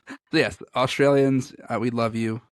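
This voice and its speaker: A man's voice: medium pitch, steady tone, normal speed, no room sound, clean studio sound. Rambling, laughing male podcast co-host. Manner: rambling, self-deprecating, laughs often. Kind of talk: casual chat.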